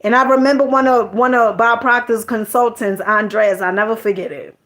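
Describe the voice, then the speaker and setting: A woman's voice: on the high side, fairly even intonation, normal speed, a bit bright. A woman telling a personal story in a casual, chatty monologue, often repeating her words and using slang.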